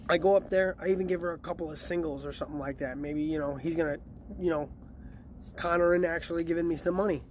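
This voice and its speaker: A man's voice: on the high side, steady tone, fast, darkish tone, a little hiss or hum. A man casually telling a story about delivering pizza, acting out the lines of the people in it. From Chicago area. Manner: chatty, acts out quotes.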